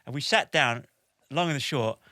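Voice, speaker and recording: Animated man telling a story. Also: medium pitch, moderate pace, no echo, clean studio sound. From United Kingdom. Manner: animated, with many "like" and "basically" fillers. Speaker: podcast guest, military veteran. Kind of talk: lively anecdote-telling.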